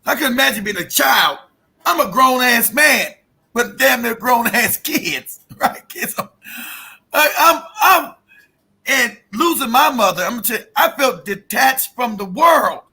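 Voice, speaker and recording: A man's voice: very high-pitched, lively intonation, a little slow, creaky, pushed and bright, husky. A middle-aged man telling an emotional personal story in casual talk, profane and emphatic with many restarts.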